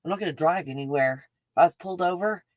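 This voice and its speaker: A chatty woman with a Texan accent rambles excitedly through a casual livestream, her voice sitting fairly low. She piles on fillers as she talks. The sound is close and dry, with no room echo. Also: fast. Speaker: livestream host. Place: home in the mountains.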